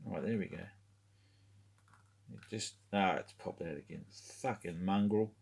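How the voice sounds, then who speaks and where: Toy collector vlogger, man, lower-pitched, loose and rambling, casual swearing. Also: slow pace, vocal fry, darkish tone, slightly rough. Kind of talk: casual show-and-tell vlog.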